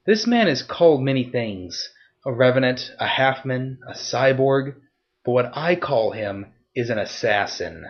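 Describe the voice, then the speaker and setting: A man voicing a cold, threatening young woman who interrogates in a soft, low voice. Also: lively intonation, unhurried, dull audio, natural voice. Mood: menacing.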